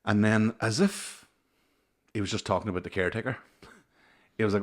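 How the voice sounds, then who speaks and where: Deep-voiced man telling stories. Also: fairly quick, pauses often. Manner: swears freely, animated anecdotes. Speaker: comedian podcast host. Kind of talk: casual storytelling chat.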